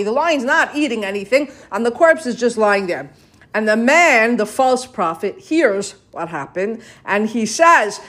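A woman teaching a scripture story, reading Hebrew verses and retelling them in lively English. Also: medium pitch. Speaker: Torah teacher. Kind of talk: retelling and explaining a scripture passage.

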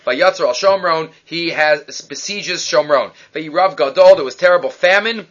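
A man teaches a casual Bible class, his voice bright and a touch higher than most. He mixes Hebrew words into English and acts out the characters' lines. The recording is dull and lo-fi. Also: moderate pace. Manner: lively storytelling, acting out quoted lines. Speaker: Torah teacher. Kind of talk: informal Bible class retelling.

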